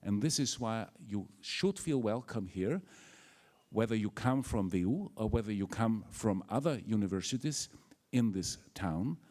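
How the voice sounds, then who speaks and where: A man's voice: on the low side, lively intonation, unhurried, a little mellow. An older man with an Austrian German accent gives a formal welcome speech as a university rector, hesitant and full of fillers. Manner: hesitant, with many fillers and restarts.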